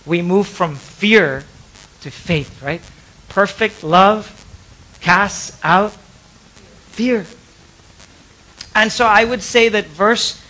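A male pastor delivers a sermon to his church. His voice sits high and sounds bright and forceful. He stretches key words for emphasis, swells with passion and then falls to soft, confiding asides. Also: rough recording. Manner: impassioned, drawn-out emphatic words, sudden drops to soft asides.

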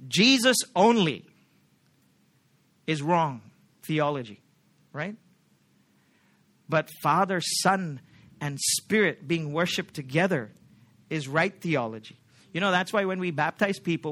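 A man's voice: high voice, fairly bright tone. A man preaching a sermon as pastor, emphatic, often asking the congregation questions like "right?".

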